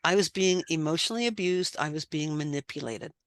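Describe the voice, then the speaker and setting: Earnest woman, low voice, dry sound. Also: a little fast, no echo. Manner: earnest, repeats phrases for emphasis. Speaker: guest, life coach. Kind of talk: candid personal testimony.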